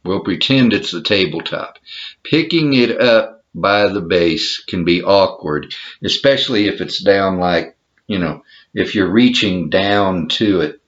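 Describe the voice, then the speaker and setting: A man's voice: low voice, lively intonation, a little slow, fairly bright tone. A man with a Texan accent, casually showing something on a home video in an easygoing, self-deprecating way. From Texas. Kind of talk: casual show-and-tell vlog. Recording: dull lo-fi home recording.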